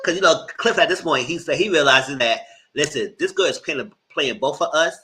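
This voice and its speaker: A man giving live commentary on a reality TV show, animated and cussing, mocking the people in it. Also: on the high side, moderate pace, hardly any pauses, poor audio. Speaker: reality TV reviewer.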